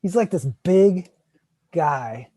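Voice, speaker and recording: A man co-hosting a casual chat, telling a story animatedly and acting out other people's lines loudly. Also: high-pitched, animated, slow pace, no echo. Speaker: co-host.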